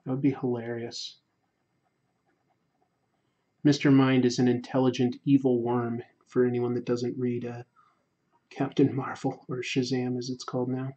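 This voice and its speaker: A man hosting a drawing livestream, chatting casually and reading viewer comments, going quiet during fine detail work. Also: mid-range voice, completely flat delivery, measured pace, long pauses, highs cut off. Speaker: livestream host. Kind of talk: casual chat while drawing.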